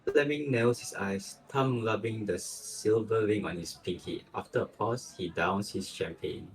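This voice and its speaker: A man narrating a story in a steady, measured way. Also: fairly low pitch, rough recording.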